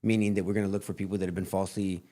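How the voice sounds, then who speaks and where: A man's voice: low-pitched, flat delivery, rapid-fire, warm tone. A man hosting a podcast, telling stories bluntly in casual chat and trailing off with fillers as he recalls details. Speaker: podcast host, former district attorney.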